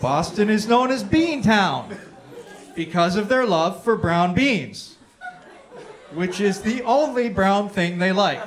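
A man doing a stand-up roast in a comedy club, delivering brash insult punchlines with deadpan timing into a stage mic. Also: high voice, takes it slowly, noisy background. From Canada. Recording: live club with crowd laughter.

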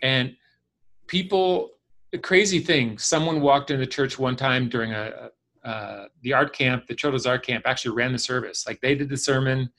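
A man's voice: mid-range voice, moderate pace. A man speaking as a guest on a video call, telling a long story and acting out the people in it. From Chicago area. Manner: animated storyteller acting out quoted voices. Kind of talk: storytelling in an online class.

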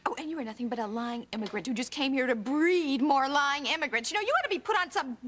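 Cruel society woman, shrill, lively and bright, soap-style scene. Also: fast. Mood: sneering. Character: spiteful wealthy society woman, cruel and haughty.

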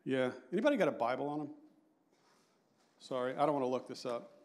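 A man in his fifties giving a lively, joking conference talk and quizzing the audience. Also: medium pitch, fast talker. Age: 50s. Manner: animated and joking, asks the audience questions. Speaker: conference speaker.

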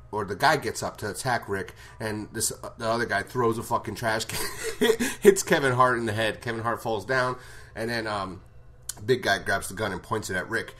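A man's voice: lowish voice, fairly bright tone. A man recapping a TV episode in a casual, rambling way, swearing and laughing often. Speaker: show reviewer.

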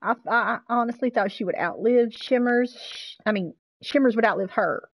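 A woman streaming a game live, chatting casually with viewers, excitable and swearing freely. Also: a little high, normal speed, rough recording.

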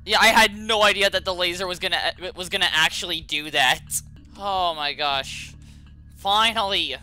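A man hosting his gaming channel, narrating a horror game as he plays, jittery and saying how scared he is, with sudden loud yelps. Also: sits high, moderate pace, faint music behind. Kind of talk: horror game let's play commentary.

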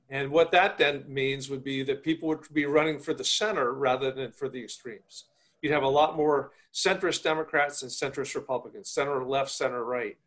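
A male congressman with a mid-pitched voice who lays out policy points in a measured, explanatory manner. He often pauses and restarts as he thinks, and is heard over a video call. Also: a bit bright. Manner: measured, explanatory, hesitant fillers. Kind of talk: remote panel discussion.

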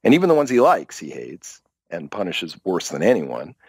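Animated man with a lively pitch. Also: moderate pace, husky, no echo, studio quality. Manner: animated, expressive storyteller. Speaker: guest author. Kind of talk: casual podcast conversation.

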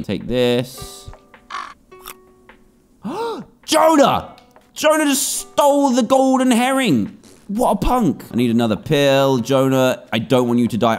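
A man hosting a gaming channel, giving let's-play commentary and chattering and exclaiming at the animals in the game. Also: medium pitch.

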